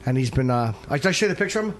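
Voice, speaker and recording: A man from South Jersey, a comedian guest on a podcast, talking bluntly and deadpan. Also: medium pitch, rapid-fire, slight background noise. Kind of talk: casual podcast banter.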